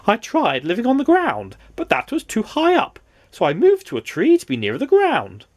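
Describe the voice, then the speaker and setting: A man's voice: high-pitched, wildly swooping pitch, moderate pace, darkish tone, no echo, voice pushed up, full character voice. A man voicing Mister Nonsense, a daft and cheerful storybook oddball who gives matter-of-fact nonsense answers.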